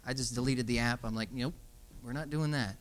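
A man's voice: mid-range voice, a little fast. A young adult man preaching a sermon to young people, telling stories and then exhorting them emphatically. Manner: storytelling, animated, emphatic exhortation.

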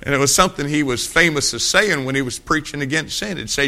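Bright-voiced folksy man preaching a sermon. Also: a little high, brisk, hardly any pauses. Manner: folksy storytelling, rhetorical questions.

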